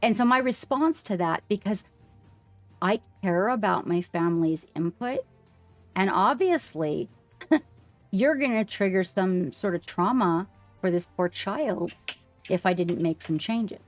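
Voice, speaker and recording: A woman's voice: mid-range voice, lively intonation, unhurried, no echo, soft background music. A woman on a livestream, earnestly sharing her story and speaking straight to the viewers in a casual way.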